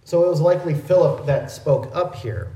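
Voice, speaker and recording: A male pastor giving an expository sermon in a measured, explanatory teaching manner. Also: a little high, lively intonation, warm tone, reverberant, slight background noise, low-quality recording.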